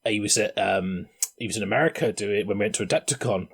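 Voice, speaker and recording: A man with a husky, slightly low voice chats casually on a hobby podcast. He tells long, rambling stories with lots of restarts and grows animated as he goes. He sounds a little tipsy. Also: fast talker. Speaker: podcast host. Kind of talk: casual chat.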